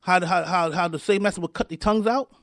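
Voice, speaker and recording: A man's voice: sits high, fast talker, a bit bright, no room sound, studio quality. A man hosting a show, ranting angrily at his listeners with many stumbling restarts and repeated words. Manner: angry, repetitive, stumbling restarts, addresses listeners directly. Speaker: show host. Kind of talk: heated commentary rant.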